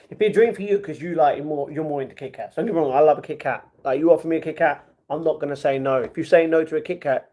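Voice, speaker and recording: A young man hosting a livestream reads out his chat, bantering casually with viewers in a slangy, chatty way. His voice is on the high side with a darkish tone.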